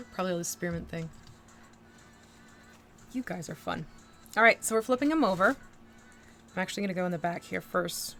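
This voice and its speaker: A woman hosting a casual painting livestream, thinking aloud as she works and answering her chat with bursts of excitement. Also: mid-range voice. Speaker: livestream host painting a miniature. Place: home art desk near an air conditioner.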